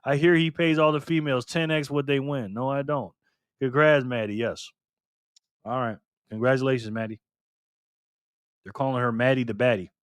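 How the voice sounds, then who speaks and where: A man's voice: medium pitch, fairly even intonation, moderate pace, pauses often, smooth, dry recording, studio quality. Playful, laughing male live streamer. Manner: reads viewer comments aloud and cheers players on; laughs often, loose and playful. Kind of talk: casual live stream chat.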